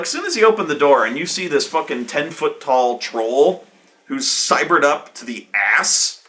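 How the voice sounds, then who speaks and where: Guy in his 30s ranting about a tabletop game, swears a lot, bright voice that jumps all over. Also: fairly high pitch. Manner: excitable, profane, acts out players with loud outbursts. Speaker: game master telling table stories. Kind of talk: animated storytelling chat.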